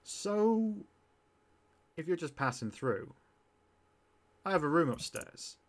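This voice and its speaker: A cool, worldly nightclub singer woman, as a man puts her on, talking bluntly and flirtatiously in a tabletop game. The voice stays close to his own, low and unhurried. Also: sing-song. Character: sultry female lounge singer, worldly.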